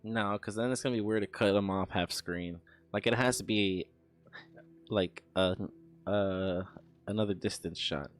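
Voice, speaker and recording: A man's voice: on the low side, fairly even intonation, measured pace. Rambling, swearing young man streamer. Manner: rambling, swearing, laughing storyteller. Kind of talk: casual chat while working on an animation.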